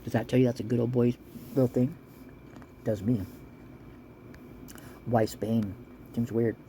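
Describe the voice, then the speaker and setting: A woman talks in a loose, rambling way, trailing off and restarting as she reads local police reports aloud. Her voice has a gravelly, creaky texture. A steady hiss of noise runs under the recording. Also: rumbling low, brisk. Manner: chatty, rambling, chewing while talking. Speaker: vlogger reading police reports. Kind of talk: casual rambling commentary.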